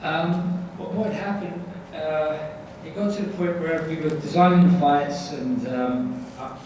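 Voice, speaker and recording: A man's voice: a little high, a little slow. A man from Scotland with a London accent, a convention panel guest telling stories animatedly and mocking himself. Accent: London English with Scottish traces. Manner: animated, self-mocking, restarts often. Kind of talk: casual Q&A storytelling. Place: large convention hall. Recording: echoey hall, distant mic, noisy.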